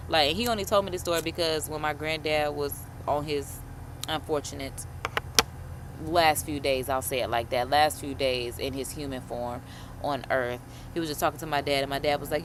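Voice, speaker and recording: A woman host chatting casually while reacting to a video, animated and slangy, swearing and calling listeners honey. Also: deep voice, a little fast, background noise. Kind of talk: casual chat.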